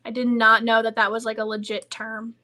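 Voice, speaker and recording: Young woman co-host, bright edgy tone, a little high, gushy casual chat. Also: a little fast. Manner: gushy, animated storyteller, heavy "like" and "literally". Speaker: podcast co-host.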